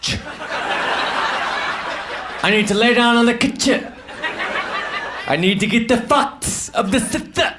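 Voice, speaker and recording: A man with a fairly high voice tells stand-up one-liners in a flat, deadpan, halting way, muttering self-deprecating asides between jokes. He is on a comedy stage with a handheld mic. The live recording carries a steady layer of noise. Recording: noisy live show recording.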